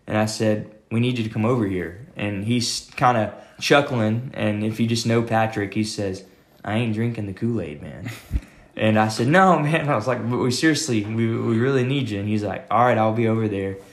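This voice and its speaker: A man talks in a rambling, easygoing way, full of fillers, restarts and "man." He is an associate pastor telling his story in a casual interview. His voice sits low, and the room gives it a noticeable echo. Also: fairly even intonation, normal speed. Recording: echoey room.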